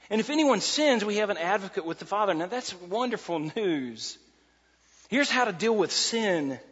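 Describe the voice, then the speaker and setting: Man preaching, high voice, husky, muffled, long church reverb. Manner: animated preaching, repeats phrases for emphasis. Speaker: pastor. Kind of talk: sermon. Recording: muffled sound in a large reverberant hall.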